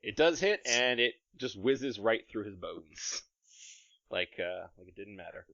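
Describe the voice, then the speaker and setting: Game master, man, low voice, playful narration, dry and slightly dull podcast sound. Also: expressive, creaky, fairly bright tone, no echo. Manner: playful, narrating combat with quick asides. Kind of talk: running a tabletop game, casual.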